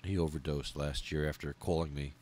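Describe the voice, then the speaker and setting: A man hosting a podcast, reading out a memorial list in a heartfelt, angry way, swearing and pausing as he falters. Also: very deep voice, fairly even intonation, a little mellow. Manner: heartfelt, angry and profane, with halting pauses. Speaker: podcast host.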